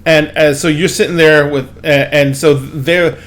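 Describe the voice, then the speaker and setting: A man's voice: on the high side, steady tone, a little slow, fairly bright tone. A man narrating a tabletop game as game master, in loose, rambling sentences full of fillers.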